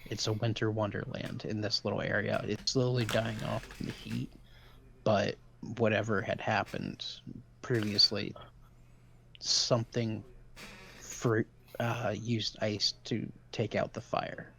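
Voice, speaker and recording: A man narrating as dungeon master of a tabletop game, describing scenes in a relaxed, halting way. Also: lowish voice, gravelly, slight background noise.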